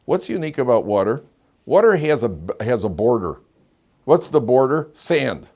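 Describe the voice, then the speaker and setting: A man's voice: mid-range voice, very animated, normal speed, darkish tone. A man, a rabbi teaching a Torah class, who tells jokes and anecdotes and often repeats his phrases. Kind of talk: classroom lecture.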